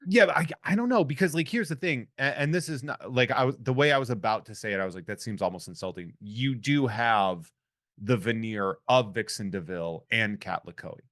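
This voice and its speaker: A man's voice: mid-range voice, a little fast, a bit bright, no echo, clean studio sound. A man hosting a podcast, chatting and joking with his guest in a loose conversational way. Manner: joking, conversational, lots of fillers. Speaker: podcast host. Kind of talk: casual podcast interview.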